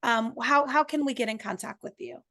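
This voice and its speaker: A woman with a somewhat high, slightly bright voice speaks fairly quickly as she hosts a faith-oriented podcast. She encourages her guest during the interview and signs off with affirmations.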